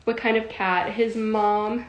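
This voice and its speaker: A woman's voice: on the high side, fairly even intonation, slow, highs cut off. Chatty giggly young woman livestreaming. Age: early 20s. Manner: chatty, giggly, greets viewers by name. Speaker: livestream host. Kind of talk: casual livestream chat. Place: at home with a kitten.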